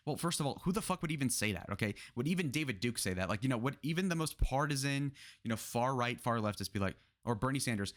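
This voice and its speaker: A man's voice: medium pitch, expressive, fast talker, few pauses. A man doing reaction commentary on a video clip, sarcastic, profane and exasperated. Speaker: political commentator.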